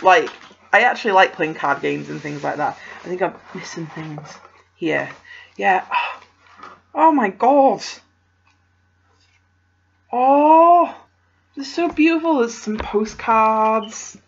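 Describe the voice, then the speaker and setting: Excitable young woman unboxing. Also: mid-range voice, slow pace, gravelly, pauses often, breathy edge. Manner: excitable, gasping, gushing exclamations. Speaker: vlogger opening a parcel. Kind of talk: casual unboxing chat. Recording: slightly dull home video audio.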